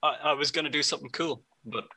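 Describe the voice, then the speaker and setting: A man playing in an online tabletop game, quick and a bit flustered. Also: fairly high pitch, pushed and bright, no echo, recorded from a distance, poor audio. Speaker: player. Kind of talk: casual chat during a tabletop game.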